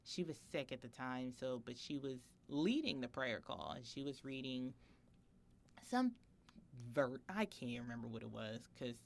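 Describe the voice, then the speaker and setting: Chatty low-voiced woman podcaster. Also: measured pace, creaky. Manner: chatty, animated storytelling with frequent laughs. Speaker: podcast co-host. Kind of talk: casual podcast chat.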